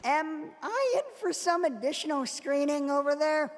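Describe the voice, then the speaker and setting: A woman's voice: high-pitched, animated, normal speed, long reverb tail. Woman playing a snarky young spriggan guy. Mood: sarcastic. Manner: sarcastic, wisecracking.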